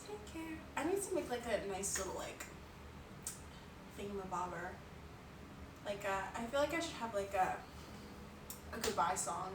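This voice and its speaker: A woman's voice: mid-range voice, very animated, normal speed, long pauses, recorded from a distance, background noise. A young woman chatting casually on a live stream, rambling and giggling with lots of filler words. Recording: roomy, off-mic, music behind.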